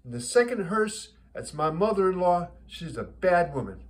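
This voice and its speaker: A man's voice: high-pitched, very animated, moderate pace, pitched above the performer's own voice, low-quality recording. A man doing a blunt older Italian widower. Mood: worked up. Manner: broken English, dropped verb endings.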